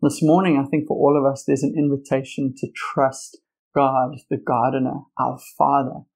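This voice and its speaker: Gravelly young male pastor preaching. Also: mid-range voice, level tone, normal speed, darkish tone, rough recording. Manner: earnest, conversational preaching with personal stories. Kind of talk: sermon.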